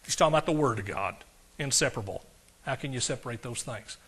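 A man preaching a sermon to a congregation, swinging between loud declarations and quiet asides and asking the crowd questions. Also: medium pitch, fast, slightly rough. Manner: talks directly to the congregation, asks questions. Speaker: pastor.

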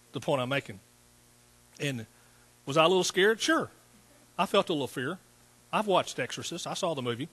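A middle-aged man delivers a church sermon, telling stories in a folksy, animated manner and acting out what people said. His voice is husky and mid-range.

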